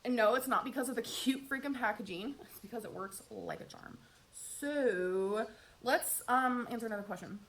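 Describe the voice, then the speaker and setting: A woman's voice: on the high side, normal speed, slight background noise. A woman chatting through her makeup routine in a get-ready-with-me vlog, upbeat and talkative, with wry sarcastic asides. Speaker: beauty vlogger.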